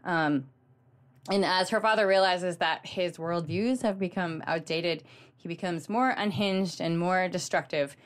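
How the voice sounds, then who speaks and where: A woman co-hosting a podcast, talking about books in a gushing, animated way with lots of ums. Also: on the low side, measured pace. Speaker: podcast co-host. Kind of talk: casual book chat.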